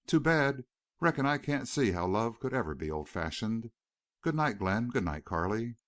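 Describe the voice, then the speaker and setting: A man's voice: medium pitch, very animated, moderate pace, a bit bright, no echo, studio quality. A man reading the lines of a young Western girl with a cool, sweet drawl.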